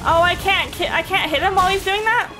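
A young woman commenting live on her own gameplay, excitable, with frequent yelps and laughs. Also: very high-pitched, fairly quick. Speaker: streamer playing a game. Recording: game music playing behind.

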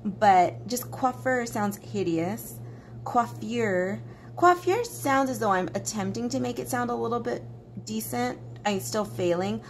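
A woman's voice: on the high side, lively intonation, a little slow, a little hiss or hum. Chatty, self-mocking woman artist. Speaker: artist and vlogger. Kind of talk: casual chat while coloring.

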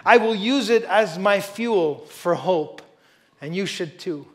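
A man with a high voice preaches a sermon to a church congregation. He reads scripture with strong emphasis and drops to hushed asides. Between readings he talks casually and often says "you know". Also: expressive, slow. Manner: emphatic, swings between loud stresses and quiet asides. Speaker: pastor. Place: church service before a congregation.

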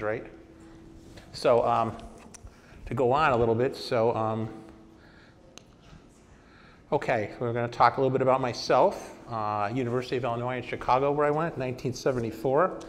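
A man's voice: medium pitch, a little hiss or hum. Guy in his 60s telling stories on stage, acts out conversations, hall reverb rings on. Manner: lively anecdotes, acting out past conversations. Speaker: conference speaker. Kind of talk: presentation talk with storytelling. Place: hall at a vintage computer festival.

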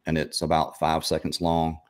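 A man hosting an interview, chatting casually and telling long stories in a relaxed way. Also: very deep voice, normal speed. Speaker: show host.

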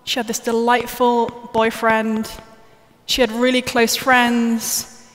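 A woman takes it slowly in a slightly high voice with little pitch movement, giving a chatty live conference talk and joking with the audience from the stage. Recorded through a stage microphone in a large hall, the audio has live reverb and faint noise.

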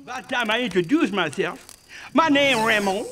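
An actor with a Cajun accent voicing a friendly, chatty man from the bayou in an animated film. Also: very high-pitched, moderate pace, faint music behind, heavily acted. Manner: folksy, chatty.

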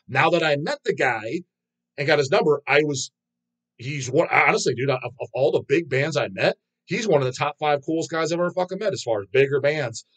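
A man's voice: fairly high pitch, animated, a little fast, fairly bright tone. A man hosting his own channel, reading viewer comments aloud and answering them in a rambling, profane way, laughing often. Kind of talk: casual chat.

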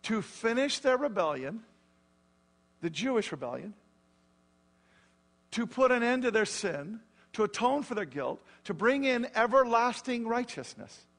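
A man preaching a sermon as pastor, explaining scripture in an animated, conversational way with frequent questions to the congregation. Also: very high voice, a little slow, pauses often. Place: church.

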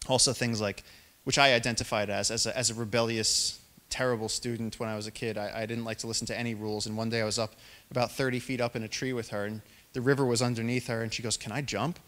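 A man in his thirties speaks to an audience as a naturalist telling stories from his expeditions. He performs the quoted lines, jumping up in pitch and volume for the other voices. His voice sits in an ordinary middle male range. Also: fast. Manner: animated storyteller, acts out quotes in raised voices. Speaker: naturalist and explorer giving a public talk. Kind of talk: storytelling lecture.

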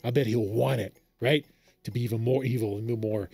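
A man's voice: medium pitch, moderate pace, gravelly, husky, dry recording, faint music behind. A man hosting a reaction video, gushing and rambling as he comments on a game trailer. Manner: excitable, gushing, loud exclamations and laughter; rambling fan commentary with restarts. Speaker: reaction channel host.

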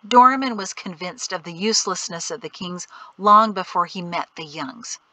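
A woman reading aloud voices a brisk, no-nonsense woman who waves doubts away. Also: fairly low pitch, sharp tone, dry recording, rough recording. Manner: brisk, dismissive.

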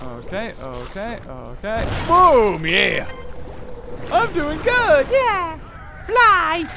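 A woman hosting a let's play, excitable, muttering low then bursting into loud outbursts. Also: very slow. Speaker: gaming channel host. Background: game music.

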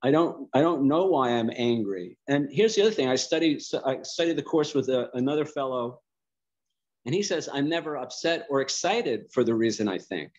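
A man's voice: mid-range voice, lively intonation, darkish tone. Older man musing over a lo-fi video call. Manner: thoughtful, halting, many restarts. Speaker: study group participant. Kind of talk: reflective group discussion.

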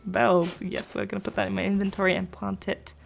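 A woman's voice: mid-range voice, flat delivery, normal speed, vocal fry. A young woman chatting casually while live-streaming a video game, rambling between thoughts and answering her chat.

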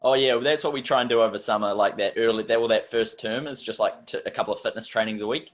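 A New Zealand man, a basketball coach, talking in a quick, matter-of-fact way. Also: fairly low pitch, muffled recording. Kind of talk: casual chat.

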